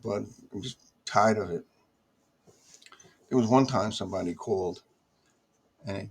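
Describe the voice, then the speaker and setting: In a casual ranting monologue to camera, a man from the United States speaks a little slowly with long pauses. His voice is lowish, husky, and a little mellow, and he sounds exasperated as he grumbles and repeats his gripes.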